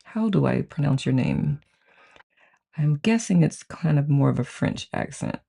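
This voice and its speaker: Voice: medium pitch, expressive, unhurried, creaky, dark tone, husky. A host chatting casually on a live stream, greeting each viewer by name and reading the chat aloud with gushing enthusiasm. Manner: chatty, gushing, frequent "I love it". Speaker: host of a live book-study group.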